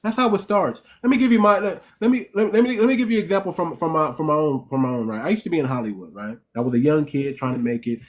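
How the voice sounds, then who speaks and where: A man's voice: fairly high pitch, fast, few pauses. A man hosting a commentary monologue, explaining emphatically and often restarting his phrases while checking in with "right?" and "okay?". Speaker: host.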